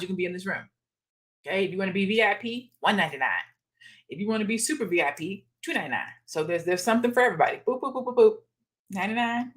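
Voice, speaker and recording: A woman's voice: medium pitch, fairly bright tone. A woman hosting a live stream in a chatty, direct way, talking straight to her viewers and answering their comments. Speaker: host of a live stream about a women's retreat.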